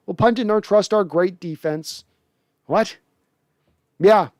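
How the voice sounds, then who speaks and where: Man, livestream host, fairly high voice, casual chat replies, dry close mic. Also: unhurried, a little mellow, no echo. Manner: conversational, reads viewer comments aloud and answers them. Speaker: sports podcast host.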